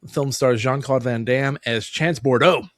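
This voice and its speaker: A man's voice: mid-range voice, measured pace, no echo. A man in his thirties hosting a podcast, reading a film summary aloud with dry asides. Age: 30s. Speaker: podcast host.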